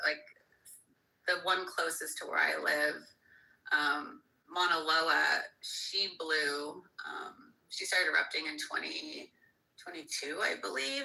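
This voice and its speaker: A woman from Hawaii, slightly hoarse, talking casually as a guest and musing with many fillers. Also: lowish voice, pushed and bright, rough recording. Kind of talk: casual conversation.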